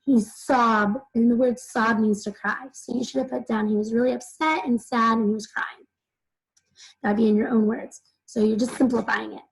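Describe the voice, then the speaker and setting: A woman's voice: fairly high pitch, fairly even intonation, normal speed, creaky, husky, low-quality recording. A young woman teacher explaining a children's novel chapter to her students in simple terms, full of "like" fillers. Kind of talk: recorded reading lesson for children.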